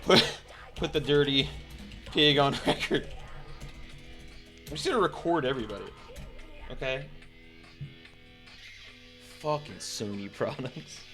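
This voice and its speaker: A man's voice: a little high, moderate pace, pauses often, pushed and bright, faint music behind. A man streaming a text adventure game, chatting casually, laughing often and swearing as he thinks aloud. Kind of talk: casual let's-play commentary.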